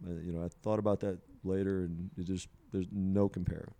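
A man with a smooth, clean voice that sits a little low, telling a long personal story at an easy conversational pace. He rambles, leans on "you know" and laughs along the way. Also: level tone, a little fast, mellow. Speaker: podcast guest sharing a psilocybin experience.

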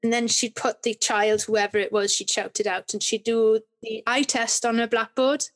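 A woman's voice: fairly high pitch, flat delivery, normal speed. A middle-aged woman, a podcast guest, chatting in an interview, telling stories with many restarts and rambling sentences. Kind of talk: conversational interview.

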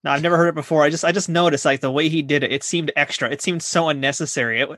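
A man's voice: fairly high pitch, steady tone, a bit bright, dry recording, studio quality. A male podcast host chatting eagerly with his guest in casual interview talk. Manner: quick, eager fan talk.

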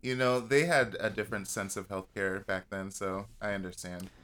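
A man's voice: fairly low pitch, steady tone, moderate pace, fairly bright tone. A young man joining a podcast as a guest, reacting with playful jokes in casual chat.

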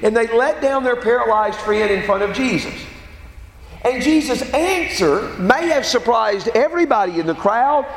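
High, lively preaching man in an echoing hall. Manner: emphatic preaching, quotes scripture aloud. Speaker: pastor. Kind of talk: sermon. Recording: echoey hall with faint ambient noise.

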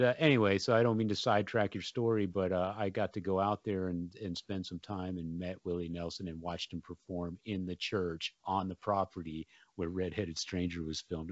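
A man with a very low voice talks easily, drifting through a story with lots of "uh" and restarts. The sound is close and dry, a bit muffled in the highs. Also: dry recording. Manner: relaxed storyteller, rambling with fillers. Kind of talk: casual conversation.

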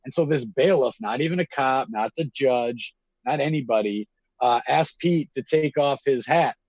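A man spins a long, rambling story in casual conversation and swears without a second thought. His voice sits at an ordinary pitch. The sound is close and dry, with slightly dull highs. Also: moderate pace, no room sound. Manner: rambling, animated, swears freely. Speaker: guest telling a story.

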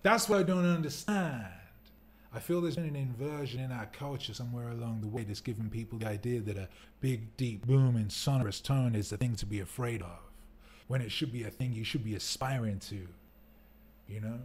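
Easygoing man of average pitch hosting a home live stream, loose and rambling. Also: a little mellow, breathy edge. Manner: rambling, laid-back, laughs often. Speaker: livestream host. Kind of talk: casual live-stream chat. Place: indoor rental home. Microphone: desk mic for streaming, wearing headphones.

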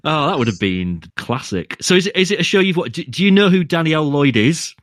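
A man's voice: fairly high pitch, very animated, a little fast, fairly bright tone, dry recording, studio quality. A man hosting a podcast in casual chat, playful and giggly as he runs a quiz game. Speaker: podcast host.

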